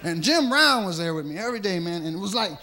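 High, animated male stand-up comic. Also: fast talker. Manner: profane, animated storytelling with voices. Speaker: stand-up comedian. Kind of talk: stand-up routine.

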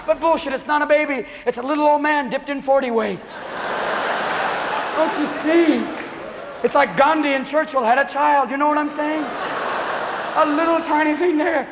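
A man performing stand-up comedy in a manic, shouting delivery, jumping between voices. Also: extremely high pitch, background noise. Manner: manic, shouting, quick voice switches. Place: large live venue. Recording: echoey hall with loud crowd laughter.

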